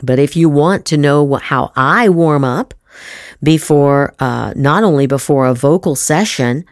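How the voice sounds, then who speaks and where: A middle-aged woman giving casual advice on voice acting, animated, with many restarts and repeated words. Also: deep voice, unhurried, dry recording, clean studio sound. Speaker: voice acting teacher, podcast host. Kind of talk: casual instructional talk.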